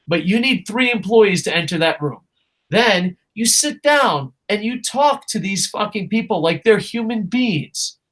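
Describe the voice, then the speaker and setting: A man co-hosting a casual wrestling talk show, ranting with lots of swearing and acting out little quotes. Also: sits high. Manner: profane, animated ranting with acted-out quotes. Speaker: podcast co-host.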